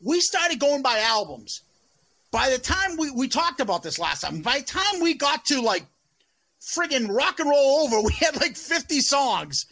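A man's voice: very high-pitched, big pitch swings, normal speed, bright, forceful tone. A man co-hosting a casual podcast chat, swearing freely and laughing often. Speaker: podcast co-host.

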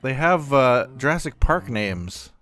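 A man's voice: mid-range voice, lively intonation, a little slow, a bit bright. Man rambling through gameplay commentary. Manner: rambling, thinking aloud with many fillers. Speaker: gaming channel host.

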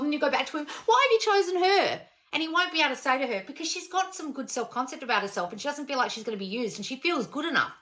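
A woman's voice: fairly high pitch, a bit bright. A woman, a manifestation coach answering questions on a live stream, blunt and exasperated, swearing often.

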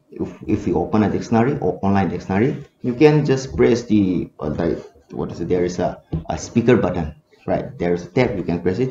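This research scholar, a man with a Manipuri English accent, answers haltingly in a seminar, using many fillers and restarting often. His voice is low and dark, captured in an echoey room with dull lo-fi sound and a little hiss or hum.

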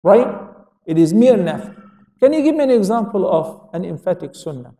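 A man's voice: sits high, very animated, moderate pace, warm tone. Man lecturing in an echoey hall. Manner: questions the audience and answers himself; switches into Arabic quotations. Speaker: Islamic lecturer. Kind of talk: religious lecture to an audience. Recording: echoey hall, speaker far from mic.

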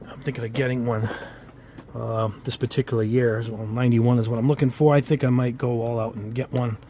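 A man's voice: mid-range voice, little pitch movement, a little fast, mellow, slight background noise. A man with a New England accent tinged with Italian-American speech, giving a rambling, casual product review at his hobby bench. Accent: New England with Italian-American touches. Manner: rambling, filler-heavy, chatty asides. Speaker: hobby model-kit YouTuber.

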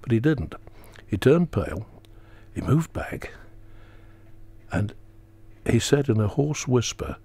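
A man telling a personal story as a talk show guest, earnest and slowing down for emphasis. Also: medium pitch, very animated, dark tone, slightly rough. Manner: earnest, dramatic pauses, acts out quotes; slows for emphasis.

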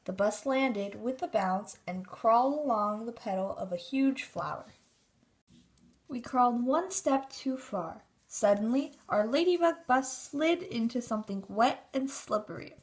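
A woman's voice: fairly high pitch, expressive, unhurried. Woman reading a children's storybook. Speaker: narrator.

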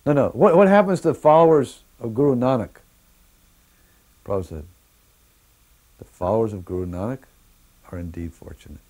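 A man recalling old stories in a halting way, with frequent pauses and restarts. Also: medium pitch, expressive, a little mellow. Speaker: devotee recalling memories. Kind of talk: anecdotal storytelling.

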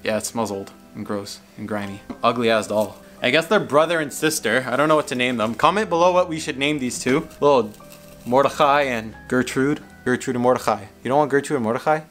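A young adult man hosting a casual unboxing vlog, excitable, reacting loudly and swearing. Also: mid-range voice, brisk, soft background music. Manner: excitable, swears and yelps when hurt. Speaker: YouTube host.

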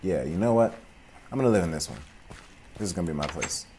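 A young man giving casual, profane let's play commentary, drifting between mumbled asides and loud outbursts. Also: low voice, expressive, quick pace, a little hiss or hum. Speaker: gaming commentator.

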